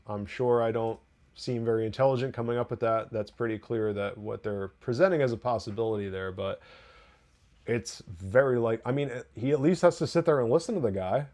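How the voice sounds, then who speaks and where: A man hosting a TV podcast, giving a casual, excited episode review full of restarts and asides. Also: fairly low pitch, normal speed. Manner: excited, rambling, with frequent restarts.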